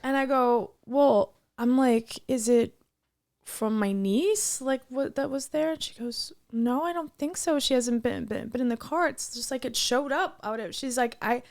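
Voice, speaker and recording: Gravelly-voiced woman telling a story. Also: fairly high pitch, measured pace. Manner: animated storyteller who acts out quoted dialogue. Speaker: podcast co-host. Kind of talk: casual podcast chat, storytelling.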